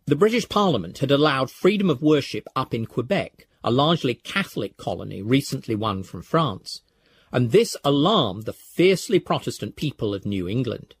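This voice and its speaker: A man giving scripted documentary narration in a measured, storytelling way. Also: mid-range voice, sing-song, breathy edge, no echo.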